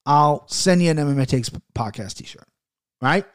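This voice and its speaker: Male podcast host, slightly higher voice, blunt and profane, rambling delivery that turns fired-up. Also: very animated, a little fast. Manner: gets fired up, pushing listeners hard. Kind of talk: solo podcast monologue.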